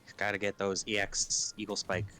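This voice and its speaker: A man's voice: on the low side, completely flat delivery, moderate pace, sharp tone, soft background music. A man from Canada co-commentating a live fighting game stream with dry, jokey banter.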